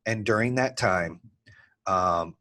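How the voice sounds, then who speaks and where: Slow and fairly low in pitch, a man walks through how he built his business. He tells it with animation and candor, swearing casually and dramatizing both sides of old disputes.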